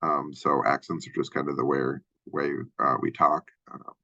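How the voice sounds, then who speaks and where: A man from Minnesota with a Minnesotan accent and a deep voice, giving a casual college lecture full of fillers and restarts. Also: flat delivery, moderate pace, vocal fry, pushed and bright, slightly rough, muffled recording. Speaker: college instructor. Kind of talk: lecture overview of a textbook chapter.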